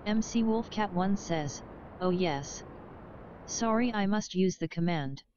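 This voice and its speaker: A synthetic woman's voice reading chat messages aloud in an even, mechanical way. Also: on the low side, slow pace, highs cut off, a little hiss or hum. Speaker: text-to-speech chat reader.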